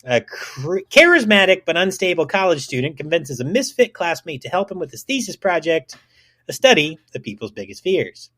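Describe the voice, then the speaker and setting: A man co-hosting a laid-back podcast, his voice sitting fairly high and swinging up and down a lot. He rambles and jokes, swearing freely as he reads through film facts and recommendations. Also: very animated, normal speed, sharp tone. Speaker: podcast co-host. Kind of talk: casual podcast chat.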